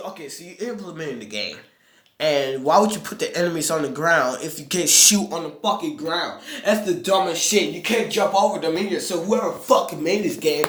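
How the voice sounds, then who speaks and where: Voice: medium pitch, fairly bright tone, roomy sound. A game reviewer ranting in exasperated, profane commentary while playing, with sudden outbursts.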